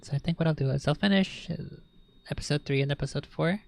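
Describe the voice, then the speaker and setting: A woman hosting a casual livestream, chatting loosely and often slipping into soft whispers and baby talk to her cat at her desk. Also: deep voice, fast talker, gravelly. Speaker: livestream host. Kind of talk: casual stream chat.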